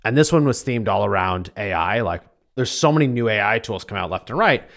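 A man's voice: lowish voice, expressive, fairly quick, vocal fry, a bit bright. Upbeat man co-hosting a podcast. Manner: upbeat, enthusiastic. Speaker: podcast co-host. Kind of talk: casual chat.

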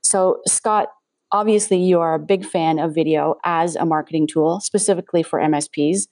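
A woman's voice: sits low, steady tone, moderate pace, a little mellow, dry recording, studio quality. A woman with a Canadian accent hosting a podcast interview, talking in an upbeat, conversational way. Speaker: podcast host.

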